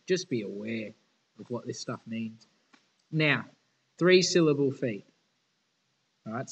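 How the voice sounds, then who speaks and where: A man's voice: fairly low pitch, low-quality recording. A male teacher giving an informal lesson, casual, chatty and frank.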